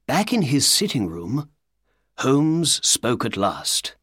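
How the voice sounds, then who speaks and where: Slow, expressive male storyteller. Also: mid-range voice, no echo, studio quality. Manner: slow, clear, expressive reading. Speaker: audiobook narrator. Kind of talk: scripted narration of a graded reader.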